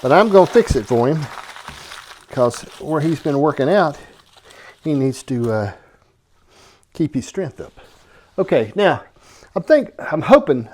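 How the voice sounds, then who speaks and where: A man with a drawl chats his way through a recipe in his home kitchen, ribbing the person behind the camera. His voice rides a little higher than most men's, and he keeps checking in with "okay?" as he talks. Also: a little mellow, a little hiss or hum. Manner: folksy, joking, keeps asking "okay?". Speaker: cooking show host. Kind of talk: casual kitchen chat to camera.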